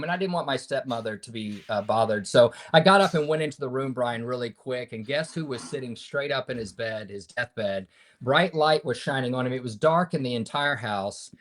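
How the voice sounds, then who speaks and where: A man in his fifties, a podcast guest, telling a personal story in an earnest, preacher-like way that swings between loud and hushed. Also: mid-range voice, brisk. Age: 50s.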